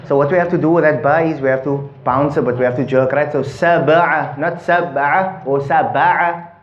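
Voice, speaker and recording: A man's voice: medium pitch, fairly even intonation, fast talker, reverberant, lo-fi sound. A man teaching a Quran recitation class, patiently coaching pronunciation and explaining rules between chanted verses. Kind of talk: recitation class with call and response.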